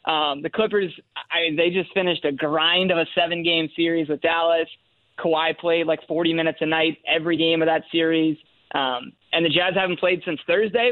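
A man phones in to a sports radio show and talks through his betting picks at an easy pace, pausing on fillers as he works out his reasons. His voice sits a little high for a man. The line is thin and tinny and completely dry. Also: dry recording. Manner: relaxed, with fillers and measured reasoning. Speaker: sports betting analyst guest.

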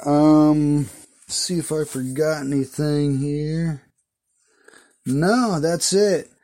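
A man's voice: a little high, steady tone, very slow, warm tone. A man casually retelling Bible stories in a rambling, folksy, slangy way. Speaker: Bible storyteller.

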